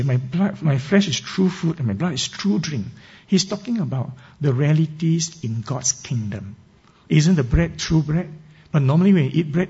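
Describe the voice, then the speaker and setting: A man's voice: fairly high pitch, dark tone, slightly rough, dull audio. A man preaching a sermon, teaching earnestly and reading scripture with emphasis. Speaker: pastor.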